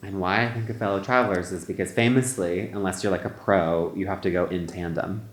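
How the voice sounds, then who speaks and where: Guy on a comedy podcast telling a long story, kinda low voice, lotta "like"s, echoey room. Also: steady tone, brisk. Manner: rambling, full of "like" fillers. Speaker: podcast co-host.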